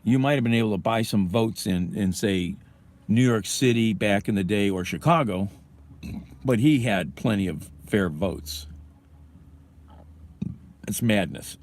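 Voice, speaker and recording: A man livestreams casually from his car, ranting angrily and swearing before he starts fumbling with his phone. His voice is lowish and a little mellow, and he speaks unhurriedly with long pauses.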